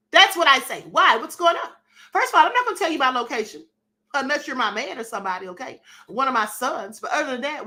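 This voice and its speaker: Sassy and lively, a middle-aged woman runs a relaxed livestream where she reads chat comments and performs short dialogues, speaking in a high-sitting voice.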